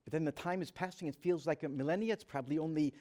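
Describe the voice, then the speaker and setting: A man's voice: a little high, quick pace, dark tone. A man, a rabbi, telling a personal story to an audience in an earnest, dramatic way, acting out the dialogue he quotes. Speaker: rabbi giving a talk.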